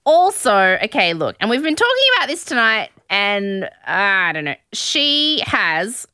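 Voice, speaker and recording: Woman podcast host, bright and very lively delivery, dry close mic. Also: medium pitch, clear, resonant tone, no echo. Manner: chatty, animated, quick asides. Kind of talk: casual chat recapping a reality show.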